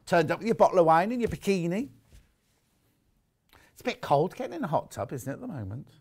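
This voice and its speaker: A man's voice: fairly high pitch, sing-song, fast, a little mellow, husky. A man presenting live on a shopping channel, chatty and rambling, teasing his guest. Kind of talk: live TV sales chat.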